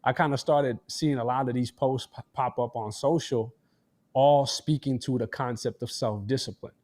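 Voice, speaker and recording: A man's voice: mid-range voice, steady tone, normal speed, a little mellow. A young adult man co-hosting a live show, laid back and full of slang, hyping his co-host along. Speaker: podcast co-host. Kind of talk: casual live show chat.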